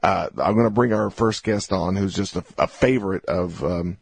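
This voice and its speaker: Gravelly-voiced male talk radio host. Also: sits low, dry recording. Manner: emphatic, repeats phrases, slows to stress words.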